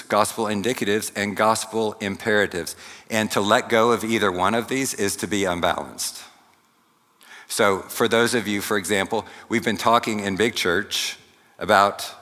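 Man, sermon, slow deliberate teaching, bright forceful tone, long hall reverb. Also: fairly low pitch. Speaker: pastor.

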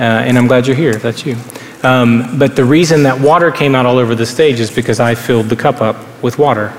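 Preaching from the stage of a large hall, this young pastor keeps his sermon earnest and conversational, leaning on repeated words for emphasis. His pitch sits in the medium range. A little hiss or hum rides under the roomy reverb and faint ambience of the space.

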